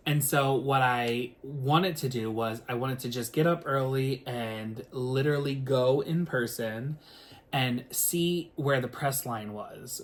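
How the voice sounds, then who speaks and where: A male singer tells a story to the camera, casual and animated, packing his speech with filler words and the occasional swear. His voice sits at a medium pitch.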